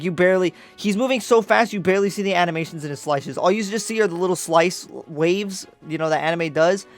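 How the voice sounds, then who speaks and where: A man giving a casual spoken movie review as a YouTube reviewer, rambling and correcting himself with lots of fillers. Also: high-pitched.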